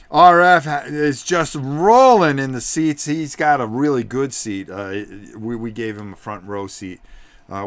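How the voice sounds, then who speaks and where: A man hosting a live tabletop wrestling game, commentating in an excitable, rambling way with many fillers. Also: medium pitch, smooth, no room sound.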